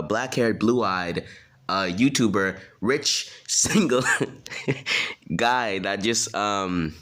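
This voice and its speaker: A man's voice: low-pitched, fairly bright tone. A young man in his late teens telling a jokey storytime, laughing his way through it. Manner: laughs through his lines, loose and self-mocking. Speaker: vlogger.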